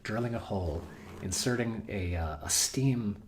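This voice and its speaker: A man with a fairly low voice hosts a guitar shop's weekly video and speaks casually to viewers. He rambles in a folksy way and often restarts his sentences. His voice is going, and he keeps breaking off to cough. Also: moderate pace, slight background noise. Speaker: guitar shop host. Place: guitar shop.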